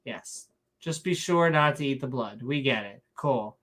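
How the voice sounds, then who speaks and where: A man's voice: medium pitch, animated, a little slow, fairly bright tone. A man hosting a podcast, reading scripture verses in a mock-solemn tone and mocking them sarcastically. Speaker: podcast host.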